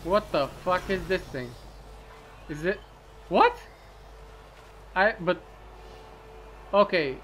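Gamer guy, slightly high voice, unhurried, swears a lot and mutters at the screen over clear background noise. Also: a bit bright. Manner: profane, muttering, talks to himself. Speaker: let's play commentator. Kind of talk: casual gameplay commentary.

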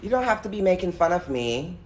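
A man's voice: sits high, sing-song, brisk. A man with a lisp, chatting to his viewers while exploring an abandoned building outdoors. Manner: chatty, addresses viewers directly, nervous asides. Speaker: paranormal vlogger. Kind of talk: casual livestream talk to viewers.

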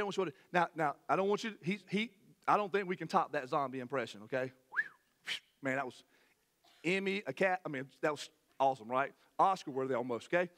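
A middle-aged man, preaching a sermon to his church in a folksy, animated way with many restarts. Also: on the high side. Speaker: pastor. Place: church sanctuary.

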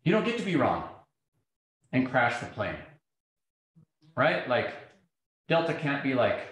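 A man's voice: mid-range voice, unhurried, pauses often. A middle-aged man giving a public talk, telling stories and acting out the exchanges in them. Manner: animated, acts out quoted exchanges. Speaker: speaker. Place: lecture hall. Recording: very echoey hall.

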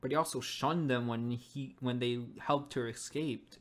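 Casual reviewer voice, middling pitch, thinks aloud with loose rambling phrasing. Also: steady tone, measured pace. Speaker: game reviewer. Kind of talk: casual reaction commentary.

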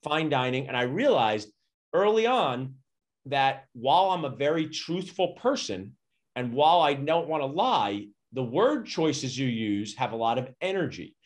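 A middle-aged man, a dentist, telling stories energetically and acting out quotes in a conversational interview. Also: a little slow. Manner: energetic, acts out quotes with big pitch jumps. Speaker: dentist and podcast guest. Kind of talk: animated storytelling conversation.

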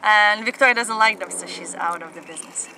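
A woman's voice: mid-range voice, fairly quick, sharp tone, poor audio. A woman hosting a casual family eating show, chatting enthusiastically between bites with lots of mm-hmms, sitting on the ground outdoors at a festival. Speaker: family channel host. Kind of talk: casual mukbang eating chat. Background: faint festival noise.

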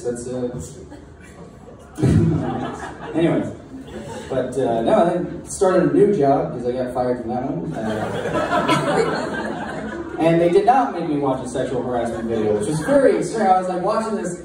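Young man, stand-up comic, halting and rambling delivery, very echoey room, distant mic, bar noise behind. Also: mid-range voice, big pitch swings, a crowd in the background. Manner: rambling, halting, self-deprecating. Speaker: stand-up comedian. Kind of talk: stand-up set. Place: bar taproom stage.

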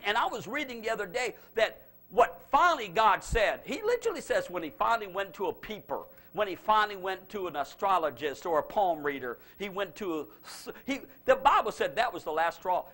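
A middle-aged male pastor preaches a revival sermon in a bright, forceful voice that sits a little high. His delivery is very animated, climbing to loud exclamations and then sinking into low, confiding asides. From United States.

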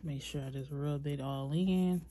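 A young woman chatting through a nail tutorial, talking to viewers as "y'all" in a relaxed, chatty way. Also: low voice, unhurried. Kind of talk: casual tutorial chat.

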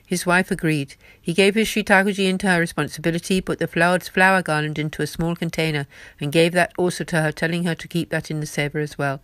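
A woman reading devotional stories aloud in a slow, careful manner. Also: fairly low pitch, steady tone, fairly bright tone, no room sound. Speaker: devotional story reader.

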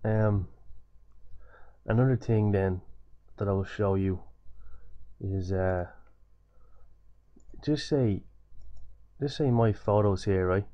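A man's voice: lowish voice, slow pace, pauses often, dull audio. A young man giving a loose, repetitive coding tutorial over a screen recording, with many fillers and restarts.

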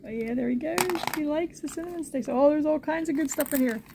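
A woman filming her pet bird at home, switching between sing-song baby talk to the bird and calm explaining to viewers. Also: high voice, fast talker, noisy background. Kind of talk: casual home vlog.

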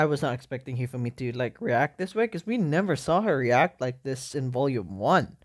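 A gaming YouTuber giving rambling, excitable let's-play commentary, full of fillers. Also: medium pitch.

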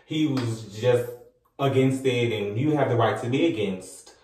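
A man's voice: medium pitch, a little slow, darkish tone. A man vlogging to camera in a sassy, scolding rant, firing off rhetorical questions and repeating his jabs. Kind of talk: ranting commentary to camera. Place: room with a ring light and mirror. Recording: very echoey room, voice from a distance.

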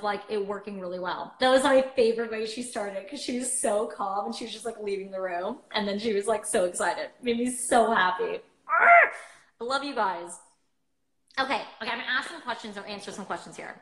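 A woman's voice: fairly high pitch, a bit bright. A young woman hosting a casual livestream from her phone, bubbly and chatty, with lots of filler words. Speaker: livestream host. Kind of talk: casual chat. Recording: roomy echo.

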